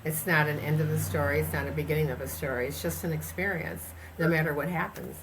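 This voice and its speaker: A woman's voice: deep voice, fairly even intonation, quick pace, noisy background. A woman in her sixties from the United States, a chiropractor telling travel stories in a casual interview, rambling with many fillers and restarts. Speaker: guest chiropractor.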